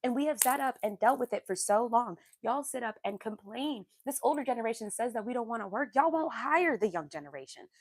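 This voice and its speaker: A woman's voice: fairly high pitch, lively intonation, fairly quick, few pauses, dry recording, studio quality. Heated young American woman ranting. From United States. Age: young adult. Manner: heated, emphatic, repeats phrases for emphasis. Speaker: livestream host. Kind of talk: ranting livestream chat.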